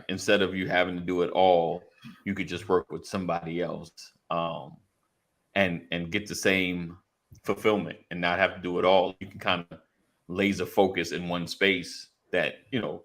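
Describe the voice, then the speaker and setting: A man's voice: low voice, steady tone, moderate pace, a bit bright. A man co-hosting a casual faith talk, reading listener comments and constantly affirming with "right".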